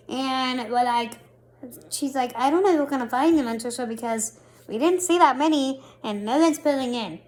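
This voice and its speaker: A woman vlogger in her thirties, telling a story in a casual, animated and self-mocking way. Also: on the high side.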